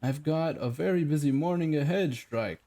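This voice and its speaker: An arrogant company director with a haughty, sneering delivery, as a male narrator plays him. The voice is pushed a little above the reader's own, with a gravelly edge. It is a character in a read-aloud audiobook. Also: on the high side, normal speed, warm tone, pitched above the performer's own voice.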